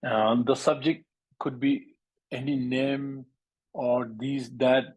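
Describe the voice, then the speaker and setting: Bhutan-born male teacher, husky, mid-pitched, patient drill of sounds, halting delivery. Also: little pitch movement, a little mellow, no echo, poor audio. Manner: halting, repeats words, drills sounds aloud. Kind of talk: language lesson.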